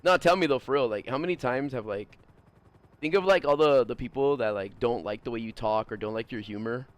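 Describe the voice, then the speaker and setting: A man's voice: mid-range voice, fairly quick, no echo. A young man streaming, talking casually in a blunt, profane, rambling way full of fillers. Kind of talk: casual livestream chat.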